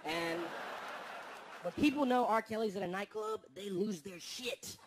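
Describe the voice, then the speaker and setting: A man doing stand-up comedy, animated and acting out the voices of his friends. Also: high-pitched, a little slow. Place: large theater with a live audience. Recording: live stage recording with a crowd. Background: audience laughter.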